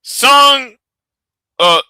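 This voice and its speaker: Bright-voiced man ranting on a stream. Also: extremely high pitch, expressive, very slow, smooth, dry recording. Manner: repeats and restarts words, argumentative. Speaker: live stream host. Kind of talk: ranting live stream commentary.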